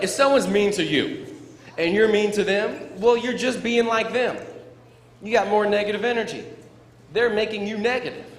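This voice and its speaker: A middle-aged man giving a playful, animated storytelling speech to students as a motivational speaker, in a large school hall. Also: sits high. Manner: animated, playful, acts out sound effects. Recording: echoey hall with faint room noise.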